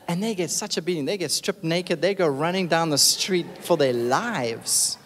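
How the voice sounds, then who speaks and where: Male preacher with a high voice, animated and emphatic, long echoing reverb. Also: normal speed, hardly any pauses. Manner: animated, emphatic, calls for amens. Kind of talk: sermon.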